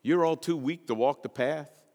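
A man's voice: a little high, moderate pace, dark tone, big-room sound. A man preaching a sermon to his congregation, asking rhetorical questions and repeating key lines for emphasis. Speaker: pastor.

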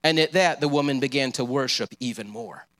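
A man's voice: mid-range voice, brisk, a bit bright. A man preaching a sermon, earnest and encouraging, with casual asides.

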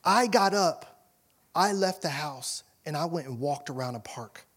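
A male pastor preaching in a high, ringing voice. He punches questions at the congregation and then drops to quiet, intimate asides. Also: animated, unhurried. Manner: emphatic preaching, rising to loud questions, dropping to soft asides. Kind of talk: sermon.

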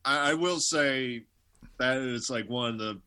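An easygoing male podcast host with a bright, forward tone chats with his guest. He sounds enthusiastic and keeps the talk moving, with his pitch sitting in a middle range. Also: a little slow, clear, resonant tone. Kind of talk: casual interview.

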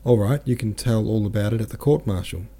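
A man's voice: fairly low pitch, quick pace, dark tone, close to an everyday voice. A man voicing a cold military officer with a clipped, dismissive delivery. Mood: curt.

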